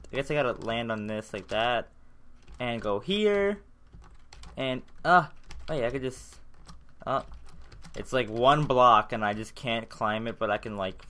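A man's voice: mid-range voice, pushed and bright. Frustrated young man ranting over gameplay. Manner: frustrated, ranting, swearing at failed jumps. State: sore throat. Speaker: gaming channel host. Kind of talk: casual gameplay commentary.

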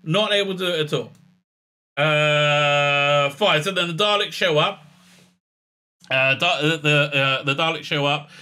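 A man hosting his own channel and tearing into a TV episode, sarcastic and mocking. His talk rambles with lots of uh's and restarts. His voice is slightly high and very bright, with a sharp edge. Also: unhurried, smooth. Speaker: TV reviewer, channel host. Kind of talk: casual episode recap and review.

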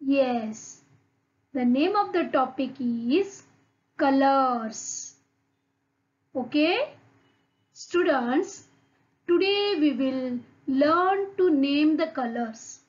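A woman's voice: high voice, lively intonation, drawn-out words, long pauses, dull audio. A woman with an Indian English accent teaching an online English lesson to young children. She repeats words one by one and keeps asking the class questions. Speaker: primary school English teacher.

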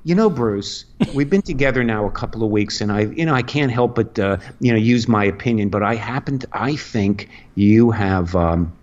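A man voicing a calm female psychologist who hesitates over her words in his own voice. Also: fairly low pitch, muffled recording, close to an everyday voice. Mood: gently clinical. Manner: hesitant, measured, with halting fillers.

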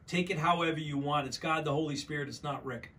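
A man's voice: on the high side, fairly even intonation, fast, bright, forceful tone, slight background noise. A man preaching a sermon as pastor, emphatic and repeating his key phrases, often calling his listeners folks.

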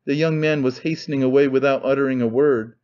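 Measured male audiobook narrator. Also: mid-range voice, fairly even intonation, a little mellow. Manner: measured, deliberate reading. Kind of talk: scripted narration. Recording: dull lo-fi recording.

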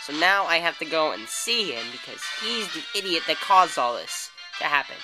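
A man narrating his video game playthrough as a let's play host, excitable and quick to gasp and exclaim at what happens on screen. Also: a little high, over music. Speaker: gaming channel host.

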